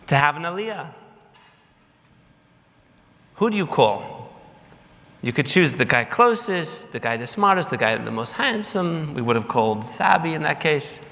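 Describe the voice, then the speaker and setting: A man tells a story from the stage of a gala, bright and ringing in tone. He acts out the voices of the people in his story. A long hall reverb trails each phrase. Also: mid-range voice. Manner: lively storyteller, mimics others in quotes. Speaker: gala speaker for the organization. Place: large banquet hall.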